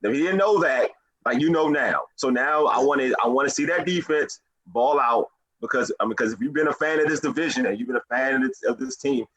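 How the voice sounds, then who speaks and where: A man's voice: mid-range voice, a little fast, fairly bright tone, rough recording. A man guesting on a casual sports podcast, talking in a passionate, emphatic rant.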